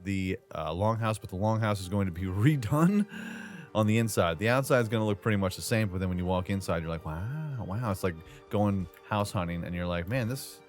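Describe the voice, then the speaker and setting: Talking a little fast, a man with a somewhat low voice gives a loose, joking gameplay tour full of slang and asides, like a regular channel host doing voice-over on a desk mic. Faint game music plays quietly behind his casual commentary.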